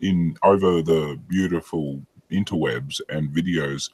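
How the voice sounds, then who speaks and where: A man's voice: extremely low pitch, unhurried, a little mellow, husky, no room sound. A man, chatting casually and crudely, joking and asking rambling questions. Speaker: podcast co-host. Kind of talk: casual chat.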